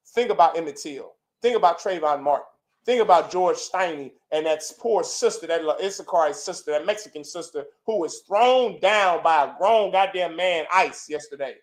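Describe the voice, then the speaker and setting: A man preaching a fiery sermon to a gathering, forceful and repetitive, swinging between loud outbursts and low, intense passages. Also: moderate pace, rough recording. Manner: repetitive, chanting lists. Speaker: preacher leading a congregation. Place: indoor gathering.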